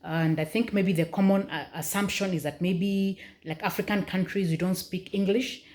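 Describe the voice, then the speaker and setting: A woman's voice: mid-range voice, fairly even intonation, moderate pace, a little mellow. A young Kenyan woman with a Kenyan accent, chatting casually in her vlog, laughing often and using lots of fillers. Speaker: vlogger.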